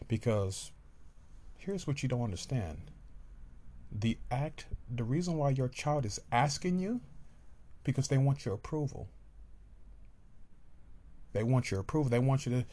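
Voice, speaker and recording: A man's voice: medium pitch, dark tone. A man giving emphatic parenting advice in a casual motivational talk, repeating his points insistently.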